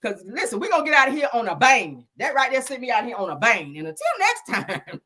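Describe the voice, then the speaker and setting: A woman's voice: a little high, very animated, quick pace, sharp tone. A woman hosting a gossip show in a casual comedic monologue, sassy and melodramatic, forever calling her listeners child, honey and girl. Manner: melodramatic, calling on the Lord and Jesus. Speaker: host of a celebrity gossip show.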